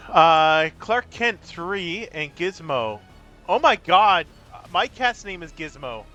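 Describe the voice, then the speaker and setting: A man's voice: sits high, lively intonation, slow, bright, forceful tone, dull audio, soft background music. A man streaming a card game, chatting casually with his viewers in a playful, rambling way. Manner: breaks into silly sing-song. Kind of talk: casual live-stream chat.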